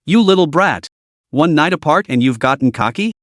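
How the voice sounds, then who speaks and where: A male narrator voicing a gruff, scolding old male director who talks in a stern, blustering way. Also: a little high, animated, moderate pace, a bit bright, no echo, studio quality.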